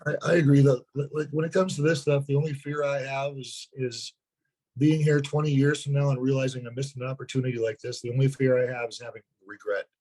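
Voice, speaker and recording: A hoarse man, a sales partner, talking earnestly in a webinar interview and often repeating words as he starts a thought. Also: medium pitch, little pitch movement, quick pace, dark tone, rough recording. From North Dakota.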